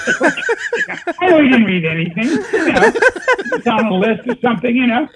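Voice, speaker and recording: An older man, a comedy writer and guest, telling a lively anecdote and laughing at his own punchlines. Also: very high voice, a little fast, over a noisy crowd. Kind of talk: casual storytelling. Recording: tinny phone-like line.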